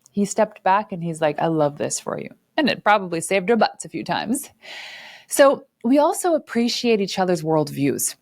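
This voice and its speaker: Woman, 40s, entrepreneur vlog host; low-ish pitch, dry close sound, candid and animated delivery. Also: no echo. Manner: candid and animated, acts out quoted dialogue with laughs. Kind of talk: casual talk to camera. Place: her studio.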